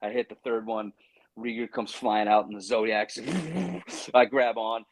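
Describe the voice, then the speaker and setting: A man with a fairly low voice speaks at a measured pace as a guest actor on an interview show, animatedly telling a story and acting out his inner voice. In his excitement he restarts and stammers frequently; the recording is dry and low-quality.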